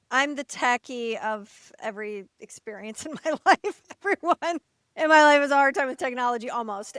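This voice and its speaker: A high-pitched woman co-host tells a frank personal story and acts out quotes as she goes. Her voice is dry and close to the mic. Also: no room sound. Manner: animated, laughs, acts out quotes; candid, occasional swearing. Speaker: podcast co-host.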